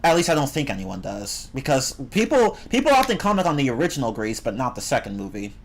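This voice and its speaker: Opinionated streamer chatting loosely with viewers, lively, swooping delivery. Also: fast talker. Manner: rambling and opinionated, with swings in pitch; reads and answers the chat. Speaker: game streamer. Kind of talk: casual live-stream chat.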